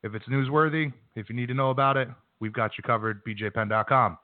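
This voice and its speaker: Brash sports radio host on a phone line. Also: male voice, medium pitch, quick pace, dry recording. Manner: casual, brash sports-talk delivery. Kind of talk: sports news recap and interview. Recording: dry phone-quality line.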